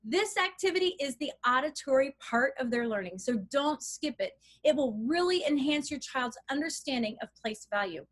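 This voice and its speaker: A middle-aged woman with a fairly high voice explains math lessons to parents. She speaks clearly and encouragingly, walking through each step as she shows things on an abacus. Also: expressive, normal speed, few pauses, a bit bright. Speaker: math curriculum instructor. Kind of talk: instructional walkthrough for parents.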